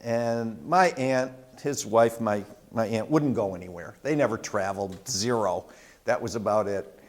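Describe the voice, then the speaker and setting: A man's voice: lowish voice, a little slow. An older man, host of the talk, telling a personal family war story in a conversational way, with frequent restarts and fillers.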